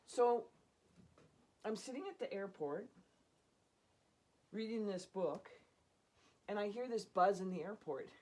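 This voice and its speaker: A woman casually telling a personal story in an animated way, often laughing and acting out what people said. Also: medium pitch, slow pace, long pauses. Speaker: storyteller guest.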